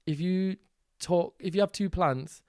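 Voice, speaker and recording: A man with a Northern English accent, chatting as a podcast guest. His voice sits a little high, and he tells stories with energy, often acting out what other people said. The sound is dry and close, with no room echo. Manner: animated, quick storytelling with acted quotes. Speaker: guest, content creator and teacher. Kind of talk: casual podcast interview.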